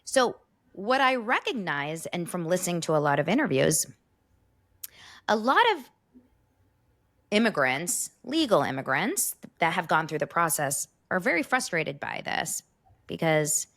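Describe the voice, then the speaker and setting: A woman co-hosting a podcast in casual chat, rambling and halting with frequent restarts. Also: lowish voice, sing-song, fairly bright tone. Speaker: podcast co-host.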